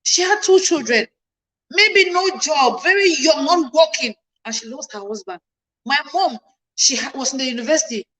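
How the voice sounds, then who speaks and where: A woman's voice: high voice, expressive, normal speed, a bit bright, poor audio. A woman in her thirties telling a personal family story to her viewers, emphatic and passionate, her voice climbing when she gets indignant. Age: 30s. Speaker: livestream host.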